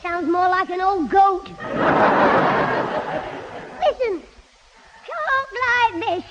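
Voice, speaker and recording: A man's voice: very high-pitched, expressive, drawn-out words, very noisy, exaggerated voice. A man playing a cheeky, bossy little schoolboy in a 1960s radio comedy. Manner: cheeky, bossy, cracks jokes. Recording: dull old radio recording with studio audience.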